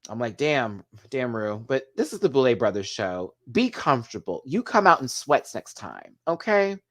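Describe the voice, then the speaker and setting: Sassy guy hosting a live show review, lots of loud exclamations and shade. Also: medium pitch, very animated, normal speed. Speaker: podcast host reviewing a TV show. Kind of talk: live casual review chat.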